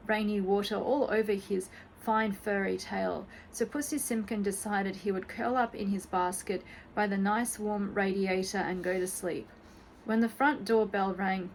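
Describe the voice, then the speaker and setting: A woman's voice: medium pitch, slight background noise, rough recording. Woman reading a children's story aloud. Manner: gentle, expressive bedtime-story reading.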